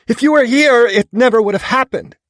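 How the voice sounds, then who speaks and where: A man voicing a wounded, stubborn young woman in an audiobook, pleading and anguished, sometimes yelling. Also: a little high, a little slow, gravelly, husky, no room sound, clean studio sound, pitched above the performer's own voice, full character voice. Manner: pleading and anguished, rising to yells. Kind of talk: audiobook character voice.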